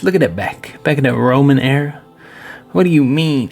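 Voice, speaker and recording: A man's voice: mid-range voice, lively intonation, moderate pace, gravelly, a little mellow, faint music behind. A man hosting a card collecting video, giving casual, playful review commentary and addressing viewers as boys.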